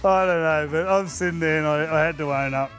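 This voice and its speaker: A man's voice: fairly high pitch, brisk, a bit bright, soft background music. A middle-aged Australian man telling rowdy anecdotes in casual chat, laughing as he goes. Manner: laughs through his anecdotes. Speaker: podcast co-host, former player. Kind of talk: casual storytelling.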